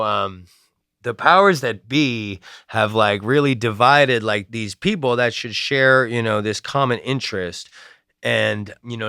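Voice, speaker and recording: A man in his late thirties from New Jersey, talking loosely in an interview about his songwriting. His voice sits fairly low and comes across smooth and resonant. He rambles through fillers with a sardonic edge. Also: fairly bright tone, no room sound, studio quality. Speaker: songwriter and band frontman. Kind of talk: casual retrospective interview.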